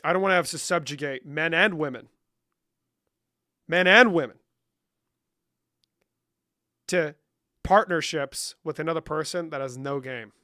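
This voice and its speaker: A man's voice: on the high side, brisk, few pauses, pushed and bright, no room sound, studio quality. A young man hosting a livestream, reading chat questions and answering with profane, joking banter. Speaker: livestream host.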